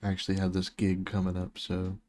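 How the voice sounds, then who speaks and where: A man's voice: sits low, completely flat delivery, brisk, darkish tone. A man streaming a game, chatting casually with viewers and making dry, teasing jokes. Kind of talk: casual chat with viewers while gaming.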